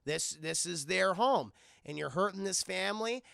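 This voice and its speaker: A man voicing a tough male paranormal investigator who lectures a ghost loudly and with growing impatience. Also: high-pitched, expressive, moderate pace, creaky, clear, resonant tone, no room sound, clean studio sound, full character voice. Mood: exasperated. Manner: loud, pushy, talking down to a ghost.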